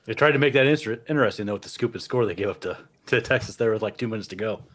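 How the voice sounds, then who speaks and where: A man on a sports panel adding quick side comments in casual chat. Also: on the low side, a bit bright.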